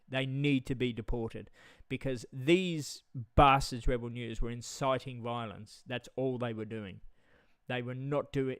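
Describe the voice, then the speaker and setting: Heatedly ranting on his livestream, an Australian man curses and stumbles over repeated words. His medium-pitched voice is clear and resonant, captured in clean studio sound without any room sound.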